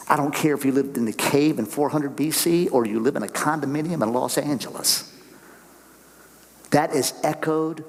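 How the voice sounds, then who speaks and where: Older man preaching, gravelly, reverberant hall. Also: a little high. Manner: conversational, folksy preaching with rhetorical questions. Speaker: guest speaker on missions. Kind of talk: sermon. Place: church sanctuary.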